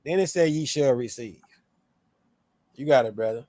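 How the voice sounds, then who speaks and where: A man co-hosting a scripture talk in a relaxed, slangy way, switching into playful tones when he quotes. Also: mid-range voice, normal speed, no echo. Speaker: co-host of a scripture show. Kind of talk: casual religious discussion.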